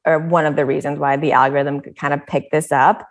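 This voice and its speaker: American woman, podcast guest, animated storyteller, slightly low voice. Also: fairly quick. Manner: animated storytelling, many "like" fillers, frequent laughter. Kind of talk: casual chat.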